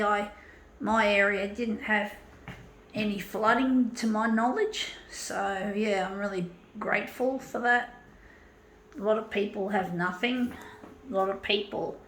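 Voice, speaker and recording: On a low-quality recording, a middle-aged woman with a medium-pitched voice vlogs while photocopying, the machine's mechanical noise audible behind her. She chats casually, blunt and ranting, swearing freely.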